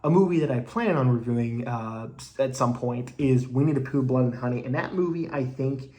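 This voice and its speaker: A man's voice: medium pitch, fairly quick, mellow. A man giving a casual, rambling movie review, talking bluntly with plenty of "you know" and "like" and the odd swear word.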